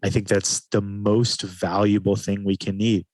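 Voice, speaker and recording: A man, a guest in an interview, speaking in a calm, reflective way and often slowing his speech down. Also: on the low side, dry recording. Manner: calm, slows his speech to stress points. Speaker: podcast guest, men's retreat facilitator.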